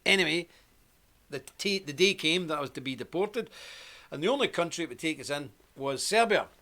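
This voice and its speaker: A man's voice: a little high, expressive, a little fast, sharp tone. A man hosting a live stream, telling a rambling anecdote and greeting viewers by name in a casual, chatty way.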